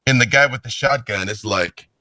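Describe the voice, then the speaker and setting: A man running a tabletop role-playing game as game master, narrating the scene with lively storytelling. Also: medium pitch, moderate pace, dry recording.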